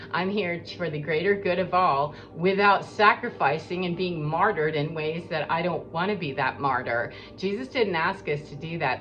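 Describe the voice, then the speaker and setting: A woman giving an earnest, rambling spiritual monologue as a coach, talking in a preachy way. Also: fairly low pitch. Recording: dull lo-fi with faint background noise.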